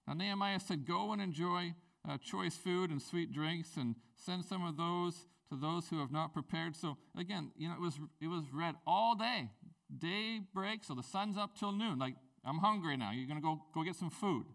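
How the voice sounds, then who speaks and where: A man preaching a sermon as a pastor, in a conversational, animated way with playful asides. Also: sits high, normal speed, creaky, recorded from a distance.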